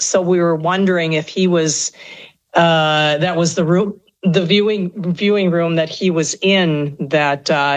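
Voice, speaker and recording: On the low side and captured in a rough recording, this middle-aged woman's voice drifts through rambling anecdotes as a radio guest. She's chatty, keeps restarting, and laughs often in the casual conversation.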